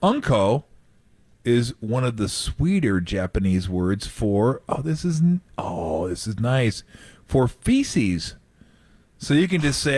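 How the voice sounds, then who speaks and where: A man's voice: medium pitch, slow pace, husky, no echo. A man hosting sports radio, chatting casually in a joking way and acting out quotes. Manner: joking, animated, laughs often, acts out quotes. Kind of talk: casual chat.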